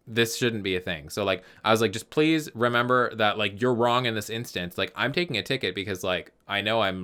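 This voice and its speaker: A man in his twenties, co-hosting a podcast, telling stories in casual chat with lively swearing. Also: fairly low pitch, clear, resonant tone. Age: 20s. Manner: animated storytelling, swears freely. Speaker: podcast co-host.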